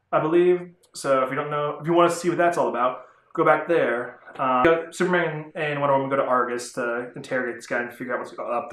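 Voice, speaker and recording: A man's voice: medium pitch, a bit bright. A man rambling through a casual vlog review of comic books, chatty and often correcting himself. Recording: roomy echo.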